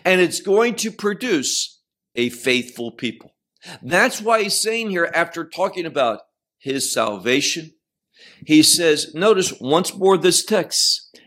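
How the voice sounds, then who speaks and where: A man's voice: fairly high pitch, expressive, a bit bright. A man teaching verse by verse through scripture, stressing key words and putting questions to his listeners. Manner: slow, emphatic, questions to listeners. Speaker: Bible teacher.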